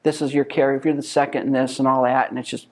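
A man's voice: medium pitch, little pitch movement, quick pace, slight background noise. A man teaching a church Bible class, emphatic and full of rhetorical questions.

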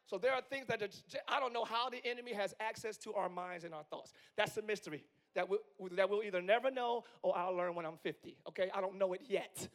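High-voiced hoarse preaching man. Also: fast, hardly any pauses. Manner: swings from quiet musing to yelling. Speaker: pastor. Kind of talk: live sermon. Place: church sanctuary.

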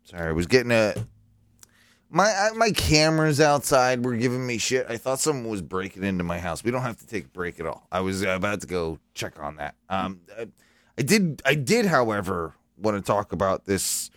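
A man rambles excitedly in a casual podcast chat, his pitch swinging widely. He stops and restarts often. The sound is dry and close. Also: fairly quick, no room sound. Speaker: podcast host. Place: home.

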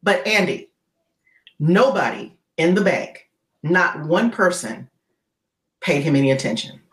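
A woman tells a story in a podcast interview, her pitch swinging widely as she gets caught up in it. She keeps checking in with a quick "right?". The recording has a roomy echo. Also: lively intonation. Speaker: guest, keynote speaker.

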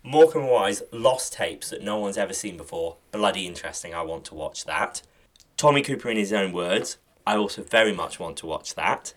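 A man's voice: low-pitched, expressive, fairly quick. A man hosting a podcast in casual chat, enthusiastically recommending shows. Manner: enthusiastic, plugging TV picks. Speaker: podcast host.

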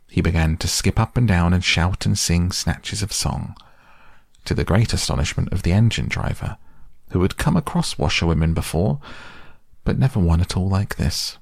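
Low gravelly man reading a children's classic, dry close sound, measured storytelling. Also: no echo. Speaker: narrator. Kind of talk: storybook narration.

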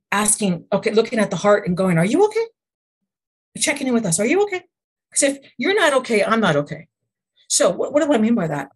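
A woman's voice: medium pitch, breathy edge. A woman guest on a podcast interview who tells earnest, faith-based stories, often restarting and asking rhetorical questions. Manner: faith-based, speaks of God and the Lord. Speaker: guest, emotion code practitioner.

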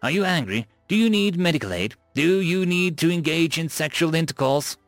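A man voicing an anxious, small alien crew member who fires off worried questions in quick bursts. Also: a little high, animated, no room sound, faint music behind, voice pushed up. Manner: fretful, questions in rapid bursts.

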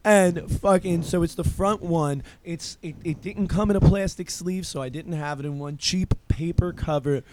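A man in his thirties in casual chat, telling animated, profane stories. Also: a little high, moderate pace, few pauses, noisy background. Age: 30s.

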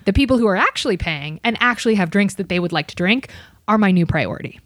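A woman podcast host telling a story in a casual, animated, profane, jokey way. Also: mid-range voice, fast, dry recording, studio quality.

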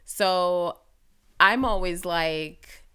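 A woman chatting casually on a podcast, relaxed and reflective, speaking quietly and evenly. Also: on the low side, drawn-out words, clean tone. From Kenya. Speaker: guest.

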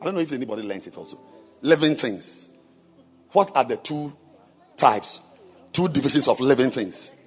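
A man preaching a sermon to a congregation, firing rhetorical questions at them, quizzing them and breaking into shouts and sing-song emphasis. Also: medium pitch, expressive, normal speed, pauses often, breathy edge, faint music behind. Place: church with congregation.

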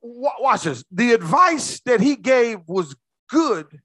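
At a slow pace, a male preacher's high, bright voice rises and falls in a sing-song manner, swinging between thundering shouts and soft near-whispers. He calls out to his congregation, captured in a close, dry recording.

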